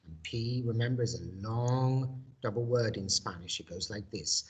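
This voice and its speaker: A male teacher giving a recorded video lesson. He speaks slowly and deliberately, modelling each word for pupils to repeat and stressing every sound. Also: lowish voice, slightly rough.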